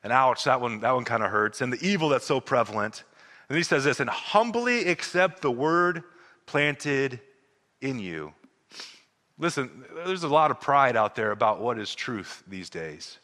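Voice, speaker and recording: Male pastor, earnest sermon, repeats words, sinks to soft intimate moments, ringing hall reverb. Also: medium pitch, animated, a little slow.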